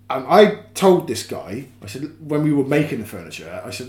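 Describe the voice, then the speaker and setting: A man's voice: medium pitch, very animated, brisk, hardly any pauses, a little mellow. A man co-hosting a podcast, telling casual stories about a horror film and his old job. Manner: laid-back storyteller, swears and chuckles. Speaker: podcast co-host. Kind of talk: casual film-discussion chat. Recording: echoey room.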